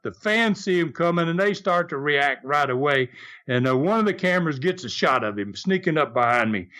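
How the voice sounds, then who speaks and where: An older man, hosting a podcast and telling stories, acting out the quotes with energy. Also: sits high. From American South. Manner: animated, acts out shouted quotes. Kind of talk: storytelling chat.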